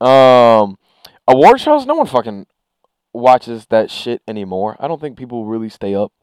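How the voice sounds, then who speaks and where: A man's voice: medium pitch, very animated, moderate pace, a little mellow, smooth, dry recording. A man co-hosting a podcast in casual chat, talking bluntly with plenty of swearing and filler words. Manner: blunt and profane, lots of fillers. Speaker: podcast co-host.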